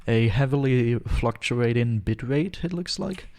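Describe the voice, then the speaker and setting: A man's voice: medium pitch, animated, unhurried, a little mellow. A man live-streaming a game from his home, rambling and joking to his chat with frequent chuckles. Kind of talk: live gaming stream chatter. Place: home room, alone.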